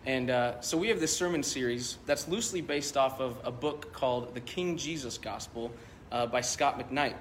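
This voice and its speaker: A man's voice: mid-range voice, normal speed, roomy sound, a little hiss or hum. A male pastor preaching a sermon, telling a story in a loose, conversational way with many fillers.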